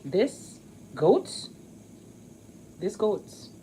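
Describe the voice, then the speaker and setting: Animated, profane woman in a rambling vlog. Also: medium pitch, extremely slow, slight background noise, poor audio. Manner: profane, emphatic, rambling and joking. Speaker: astrology reading creator. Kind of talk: casual monologue vlog.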